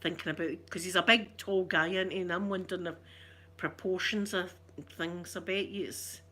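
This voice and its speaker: A woman's voice: lowish voice, steady tone, normal speed, pushed and bright, slight background noise. A woman with a Scottish accent chatting casually with her livestream viewers in a rambling, self-teasing way. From Scotland. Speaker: ASMR streamer chatting with viewers.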